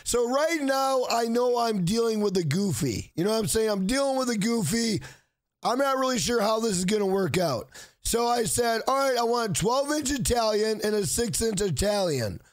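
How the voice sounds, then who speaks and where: A man, hosting an exasperated storytime vlog about a bad fast-food visit. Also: sits high, expressive. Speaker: channel host.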